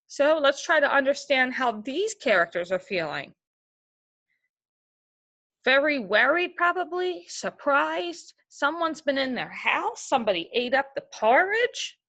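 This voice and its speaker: A woman teacher gives a reading lesson, reading a story aloud slowly and stopping to explain it. She is patient and keeps asking the listener questions, in a voice pitched a little higher than most. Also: very animated, bright, forceful tone.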